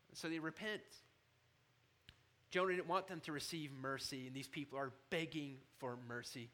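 A man preaching a sermon, moving from low, quiet asides to loud, shouted emphasis. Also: moderate pace. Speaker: pastor.

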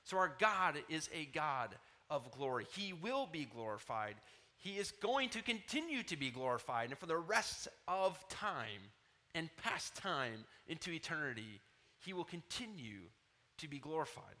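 A man preaching a sermon from scripture, with emphatic peaks and soft, tender asides. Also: a little high, big pitch swings, a little slow. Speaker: pastor.

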